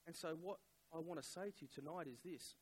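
A middle-aged man preaching a sermon, telling a personal story in a conversational, halting way with many fillers. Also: fairly high pitch, breathy edge, low-quality recording.

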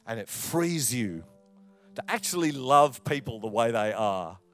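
A man, a pastor preaching a sermon, with loud emphatic lines and quiet asides. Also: fairly low pitch. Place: church.

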